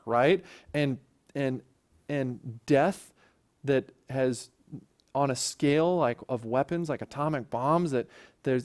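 A man's voice: medium pitch, a little mellow. A man teaching a Bible lesson for a church in a conversational way, often checking in with the listeners.

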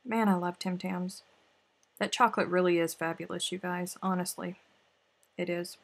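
A woman's voice: on the low side, fairly even intonation, normal speed, gravelly. A woman hosting a live stream, chatting playfully with viewers and answering their comments while she snacks. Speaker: crochet livestream host. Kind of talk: casual livestream chat with viewers.

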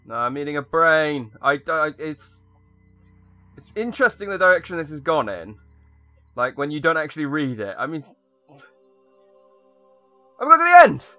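A man's voice: on the high side, lively intonation, normal speed, sharp tone, faint music behind. A young man giving sarcastic, rambling commentary while playing a video game. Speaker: gaming YouTuber. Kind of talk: sarcastic let's-play commentary.

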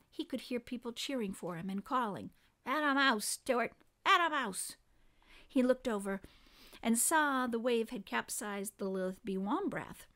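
Woman reading a children's story aloud. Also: a little high. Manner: expressive, lively storytelling. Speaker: reader of a children's book.

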